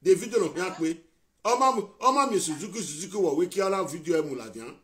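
A Nigerian man chats on his live video in a rapid, excitable patter, sliding between Pidgin English and his own language. His voice sits high and the words come fast. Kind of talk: casual live-stream chat.

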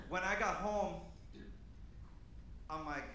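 30s guy from peru doing standup, rambly w lots of fillers, bright voice, super echoey club with faint room noise. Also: high-pitched, fairly even intonation, unhurried, pauses often. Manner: loose, rambling delivery with many fillers. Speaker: stand-up comedian. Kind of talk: stand-up comedy set. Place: comedy club stage.

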